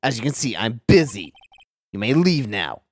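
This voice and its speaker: A man's voice: mid-range voice, big pitch swings, moderate pace, dry recording, voice pushed down. A man voicing a cold, haughty male prosecutor with a clipped, stern delivery.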